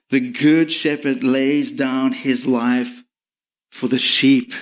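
A man preaching a sermon as pastor, emphatic and chatty, turning to the congregation with quick asides. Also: medium pitch.

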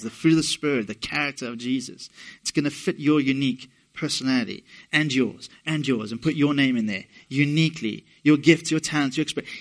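A man's voice: mid-range voice, a little fast. A middle-aged man from England preaching a sermon, talking conversationally with asides to the congregation. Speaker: pastor.

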